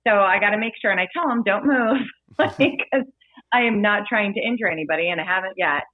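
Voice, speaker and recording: A woman bartender telling lively, playful stories as a guest in a casual interview. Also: mid-range voice, fast talker, no echo. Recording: dry phone-like audio.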